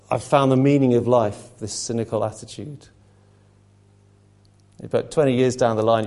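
A man's voice: medium pitch, darkish tone. A man preaching a sermon, impassioned and rhetorical, slipping into mocking asides.

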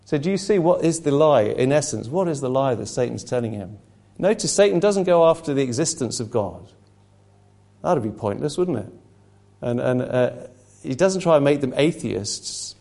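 A man's voice: mid-range voice, expressive, normal speed, creaky, mellow. A man preaching a sermon, impassioned and rhetorical, slipping into mocking asides.

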